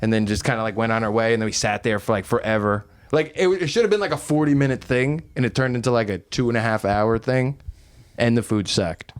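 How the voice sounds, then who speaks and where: A man's voice: medium pitch, fairly even intonation, quick pace. A young man co-hosting a podcast, telling a long story in a rambling, casual way with lots of fillers and swearing. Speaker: podcast co-host. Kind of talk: casual chat.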